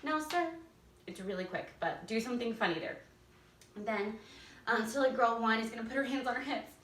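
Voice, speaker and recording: A woman's voice: fairly high pitch, steady tone, a little fast, fairly bright tone. A woman theater teacher giving casual, enthusiastic stage directions, laughing often. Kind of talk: casual instructional talk. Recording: roomy echo, distant from mic.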